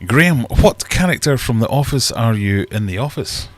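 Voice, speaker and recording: A man's voice: mid-range voice, lively intonation, normal speed, dry recording. A middle-aged Scottish man hosting a live stream from his home fish room, chatting in a rambling, self-deprecating way. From Scotland. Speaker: livestream host. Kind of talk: casual live-stream chat.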